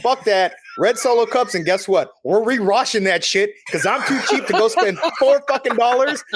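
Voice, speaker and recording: A man's voice: very high-pitched, animated, normal speed, fairly bright tone. A man in his thirties co-hosting a podcast, brash and heavily profane. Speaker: podcast co-host. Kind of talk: casual podcast chat.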